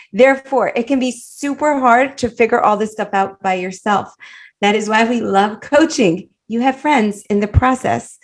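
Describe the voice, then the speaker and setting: A woman coach teaching a live online class over a video call, animated and warm, laughing often as she encourages her students. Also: mid-range voice. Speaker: women's life coach and teacher.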